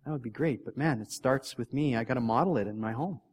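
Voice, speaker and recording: A mid-pitched man preaching in a relaxed, conversational way, as if chatting with his congregation. He laughs at himself often and trips into restarts, and his voice drops to near-murmured asides before rising to emphatic points. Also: quick pace, husky. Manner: frequent restarts, loudness swings from soft to punchy. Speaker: pastor; father of three young kids. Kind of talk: casual conversational sermon.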